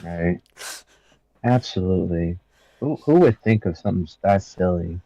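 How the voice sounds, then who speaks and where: Woman guest, casual chat, very deep, dark, dry sound. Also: unhurried, dry recording, dull audio.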